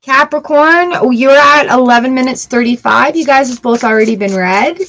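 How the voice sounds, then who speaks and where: A woman's voice: high voice, normal speed, a bit bright, poor audio. A woman reading tarot cards for a live audience, chatty and upbeat, greeting viewers by name between cards. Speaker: tarot reader.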